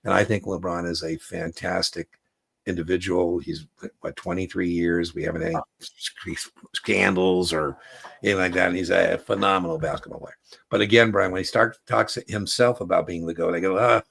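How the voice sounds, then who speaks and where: A man hosting a casual livestream Q&A as an exam prep coach, chatty and animated, telling stories. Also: deep voice, moderate pace, vocal fry, slightly rough.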